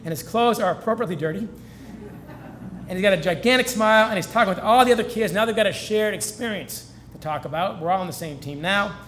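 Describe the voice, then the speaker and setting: A man with a high voice speaks to a crowd at a celebration and tells heartfelt stories in an earnest way. He sounds moved and chokes up now and then. A faint hum of the room sits under his words. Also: fairly bright tone. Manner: earnest storytelling, gets choked up. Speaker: featured speaker. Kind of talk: speech at a celebration. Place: event hall.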